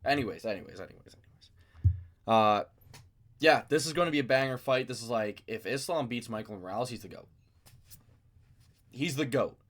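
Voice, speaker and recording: A man's voice: mid-range voice, brisk. A man hosting a casual fight commentary vlog from his basement, rambling and self-mocking. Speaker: MMA video host.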